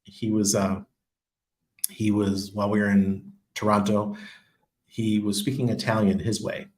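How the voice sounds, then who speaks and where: A man's voice: fairly low pitch, little pitch movement, unhurried, darkish tone. A man hosting a casual crypto livestream, reading viewer comments and answering in a loose, chatty way with lots of ums and laughs. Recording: echoey room.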